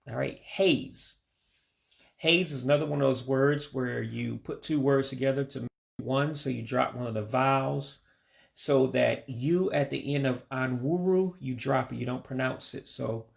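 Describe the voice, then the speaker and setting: Gravelly man giving a casual vocab lesson. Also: medium pitch. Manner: patient, repeats words slowly, admits stumbles. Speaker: language learner teaching vocabulary.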